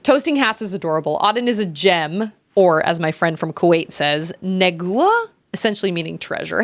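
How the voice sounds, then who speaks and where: A young woman streaming a video game and chatting casually with her viewers, giggling often and greeting them in high, bright bursts. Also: very animated, moderate pace. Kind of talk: casual live-stream chat.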